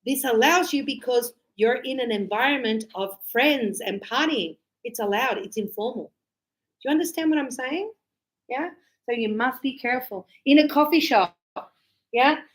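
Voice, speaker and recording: Animated woman teaching English, slightly high. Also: normal speed. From Australia. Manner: animated, acts out short quoted exchanges. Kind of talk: casual classroom explanation.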